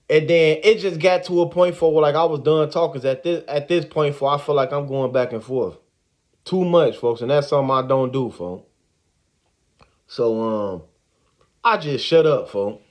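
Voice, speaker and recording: A man telling a story in a casual, animated, slang-heavy way, repeating the same filler words. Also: a little high.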